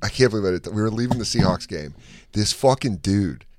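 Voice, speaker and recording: A man hosting a casual podcast chat, telling animated stories full of swearing. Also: fairly low pitch, brisk. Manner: animated storyteller, swears a lot, acts out quotes. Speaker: podcast host.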